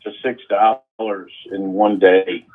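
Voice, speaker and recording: A man's voice: low voice, level tone, slow. A man co-hosting a casual market chat, hesitant and restarting his sentences, heard over a tinny phone-line connection.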